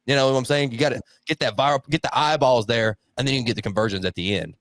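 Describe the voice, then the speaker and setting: A man's voice: medium pitch, very fast, a bit bright, dry recording. A man co-hosting a podcast, explaining marketing ideas in casual chat. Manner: explains like a marketer, uses business terms.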